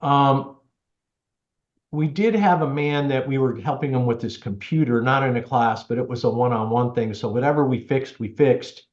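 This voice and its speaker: A man's voice: mid-range voice, normal speed. A man chats easily as an interview guest, telling anecdotes and slipping into the voices of people he quotes. The sound is somewhat dull and carries the echo of a roomy space. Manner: chatty, animated storyteller, acts out quotes. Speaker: tech helper for seniors, guest. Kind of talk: casual storytelling interview.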